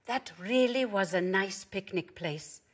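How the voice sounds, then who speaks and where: A woman's voice: mid-range voice, lively intonation, measured pace, breathy edge. A woman voicing a cheerful, knowledgeable female dog who explains things to her friend. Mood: explaining. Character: eager bossy female dog, knows everything.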